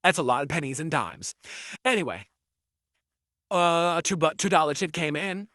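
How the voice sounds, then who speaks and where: A man livestreams from home in a bright, forceful voice, reading out tips and gloating at his haters. His talk runs on in long, self-justifying stretches. The sound is close and dry, with no room around it. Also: a little high, animated, moderate pace, no echo. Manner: mocking, gloating toward trolls; rambling, self-justifying monologue. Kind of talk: casual stream chat.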